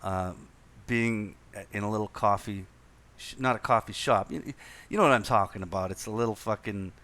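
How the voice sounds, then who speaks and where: A man who lived in Indonesia hosts a casual podcast chat, telling a profane anecdote packed with repeated words and laughter. His voice sits on the low side, with a sharp tone and normal speed.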